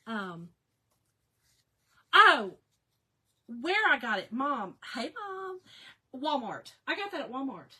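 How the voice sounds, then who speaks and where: A woman's voice: sits high, very animated, slow pace, pauses often, pushed and bright, husky. A woman hosting a casual live crafting chat, talking to viewers by name and laughing often. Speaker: craft livestream host.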